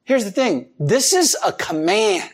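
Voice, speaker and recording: Male pastor, sermon delivery; very lively, expressive pitch, emphatic, drops to quiet asides. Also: measured pace, slightly rough. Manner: animated, chuckling, swings between loud emphasis and soft low asides.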